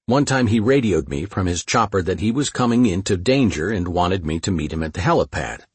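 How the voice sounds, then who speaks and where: Male narrator, deep husky voice, lively intonation, dry close sound; reads a war memoir plainly. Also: brisk, no room sound. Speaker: audiobook narrator. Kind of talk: first-person memoir narration.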